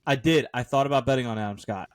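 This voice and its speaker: A man's voice: mid-range voice, fast talker, dry recording. A man co-hosting a casual sports podcast, joking and playful as he runs through his bets. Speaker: podcast co-host.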